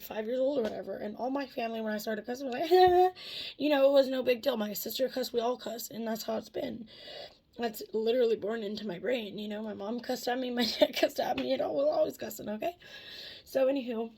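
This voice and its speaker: A woman's voice: fairly high pitch, a little fast, a little mellow, breathy edge. A woman vlogger in a casual confessional talk, candid and rambling, swearing freely and laughing between thoughts.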